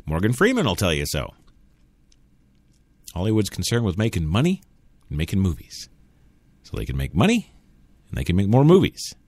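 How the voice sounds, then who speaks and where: A man's voice: sits low, wildly swooping pitch, moderate pace, pauses often, a little mellow, no echo. A man hosting a talk radio show, arguing bluntly and sarcastically with imagined listeners. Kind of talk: opinionated solo talk radio monologue.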